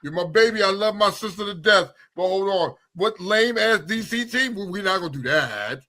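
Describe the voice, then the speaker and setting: A man from New York City co-hosting a radio talk show, bantering in an animated, slangy way and cutting in to tease his co-host. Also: sits high, moderate pace, over a noisy crowd. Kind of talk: casual banter.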